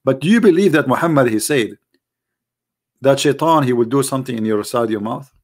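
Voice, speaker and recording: A man's voice: mid-range voice, expressive, a little fast. Sarcastic man with an Arabic accent. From Arab world. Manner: mocking, rhetorical, speaks straight to the audience. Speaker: online religion critic. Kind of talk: sarcastic monologue to viewers.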